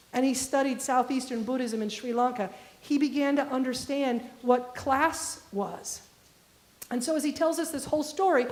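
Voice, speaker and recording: High-voiced woman pastor in echoey church. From Midwestern US. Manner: anecdotal, direct questions to the congregation. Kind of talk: conversational storytelling sermon. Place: church sanctuary.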